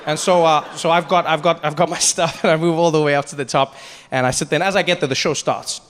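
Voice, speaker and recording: A man doing stand-up storytelling, animated, often breaking off and restarting. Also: fast talker, big-room sound. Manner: animated, many self-interruptions, jumps into high voices. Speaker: stand-up comedian.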